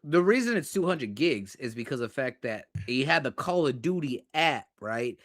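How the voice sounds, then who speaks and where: A man's voice: medium pitch, sing-song, moderate pace. A man in a casual chat who argues back insistently and defensively.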